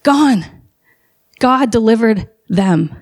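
A woman's voice: a little high, expressive, extremely slow, a little mellow. A woman preaching a sermon, telling a story with building passion and emphatic calls to her listeners.

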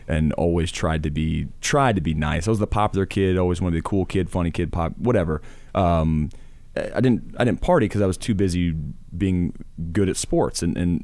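30s guy rambling earnestly thru his story, lowish voice, studio. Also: a little mellow, no room sound. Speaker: guest. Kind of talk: casual interview.

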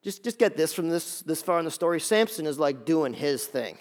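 A male pastor preaching a sermon, retelling a story in a lively, joking way and acting out the characters' lines. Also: a little high, moderate pace. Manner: lively storytelling, acts out voices.

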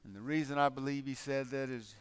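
An older man preaching as a guest speaker, telling stories in a halting way that often repeats words. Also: mid-range voice, clear, resonant tone. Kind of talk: sermon.

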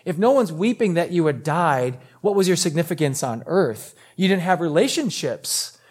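A man's voice: on the high side, lively intonation, moderate pace, slightly rough. A man preaching a sermon, telling the story in a casual, conversational way and acting out the voices of the people in it. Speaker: pastor.

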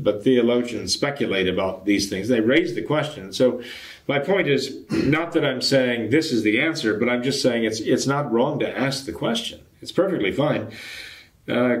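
An older traditionalist Catholic priest with a medium-pitched voice answers a viewer's question. He explains things in a measured way, pausing and hesitating often. The room he's in is echoey.

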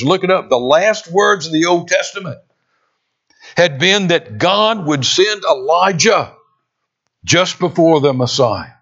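A man preaching a sermon, expressive, with dramatic pauses and emphatic quoted lines. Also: a little high, slightly rough. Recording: dull lo-fi sound.

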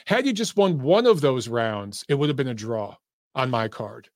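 A man's voice: mid-range voice, animated, moderate pace. A middle-aged man hosting a boxing podcast, ranting in casual commentary with profane, emphatic, repetitive talk.

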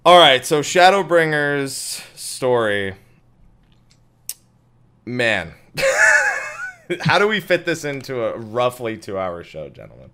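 A man's voice: medium pitch, huge pitch swings, takes it slowly, long pauses, pushed and bright. A man hosting a casual talk show, upbeat, prompting his guests and laughing often. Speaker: podcast host. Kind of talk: casual chat.

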